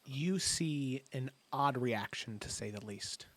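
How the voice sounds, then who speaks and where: Husky-voiced male game master. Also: medium pitch, lively intonation, a bit bright. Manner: slow, descriptive narration. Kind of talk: narrating a tabletop game.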